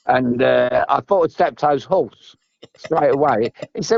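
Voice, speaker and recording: A man's voice: fairly high pitch, animated, normal speed, vocal fry, darkish tone, dry recording, lo-fi sound. A man, a former footballer telling long, meandering stories as a podcast guest, restarting and repeating himself. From England. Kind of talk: rambling storytelling.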